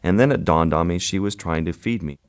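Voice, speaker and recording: Man, very low voice, wildlife photographer, unhurried vivid storytelling, interview guest. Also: slight background noise.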